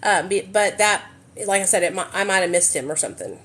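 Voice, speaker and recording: A woman's voice: mid-range voice, a little fast, a bit bright, breathy edge. A woman, chatting candidly to livestream viewers from her living room on a phone, swearing freely. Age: 30s. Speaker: livestream host. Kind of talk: casual livestream chat.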